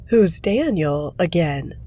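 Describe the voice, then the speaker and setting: A woman's voice: low voice, steady tone, takes it slowly, a little mellow, heavily acted. A woman voicing a smug, cruel teenage boy who leads a school clique, speaking in a lazy, mocking drawl.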